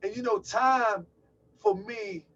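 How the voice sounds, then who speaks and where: Male call-in host, husky and gravelly, animated and chatty; distant lo-fi recording. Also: very high-pitched, slow pace. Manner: loose, chatty, exclaims and laughs while setting up. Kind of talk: casual livestream talk. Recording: distant, dull lo-fi mic.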